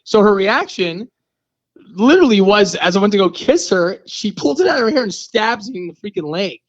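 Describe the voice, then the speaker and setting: A man, an actor guest on a radio interview, telling an animated story and acting out the scene's lines. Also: high voice, a little fast, dull audio.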